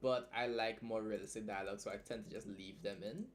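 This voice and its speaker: Teaching editing on a writing stream, a tired young man who's stayed up long keeps things chatty and casual, regularly finishing points with "right?". His lowish voice is steady and brisk, with slight background noise.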